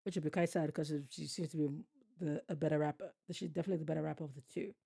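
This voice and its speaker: A woman's voice: low voice, steady tone, rapid-fire, vocal fry, warm tone, husky. A woman gives casual reaction commentary on a TV show as a streamer, blunt and profane, riffing and repeating her phrases.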